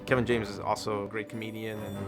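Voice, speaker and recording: A man's voice: on the low side, little pitch movement, fast. A male director talking enthusiastically about his voice cast in a behind-the-scenes interview. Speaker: film director. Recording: interview under music.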